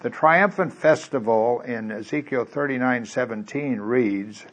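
A man preaching a sermon in a folksy, conversational way. He drops to quiet asides and then reads scripture loudly and emphatically. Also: mid-range voice, measured pace. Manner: swings from quiet asides to loud emphatic reading.

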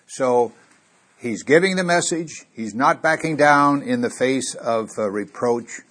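A man preaching a sermon, telling a Bible story and getting louder when he quotes scripture. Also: mid-range voice, unhurried. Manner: animated, rising loud on quoted scripture.

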